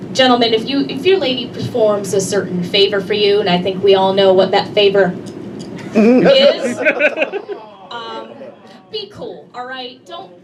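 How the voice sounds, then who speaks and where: A woman performing a stand-up comedy set, brash and conversational, talking straight to the crowd. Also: a little high. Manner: brash, conversational, addresses the audience directly. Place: comedy club stage. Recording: distant mic, noisy room ambience.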